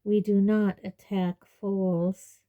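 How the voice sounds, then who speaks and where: A woman voicing a proud male centaur who speaks slowly and gravely. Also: medium pitch, phone-quality sound, lightly acted. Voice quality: slow, stately, grave.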